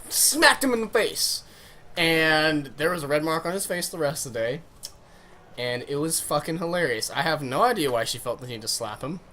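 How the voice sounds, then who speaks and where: A man's voice: on the high side, sharp tone, slight background noise. A young man casually telling a funny story on his vlog, rambling and swearing as he goes. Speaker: vlogger.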